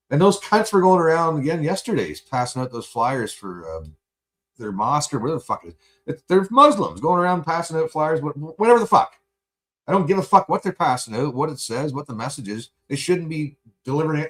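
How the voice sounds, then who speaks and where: A man venting in a profane, angry livestream rant, buzzed and high. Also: fairly bright tone.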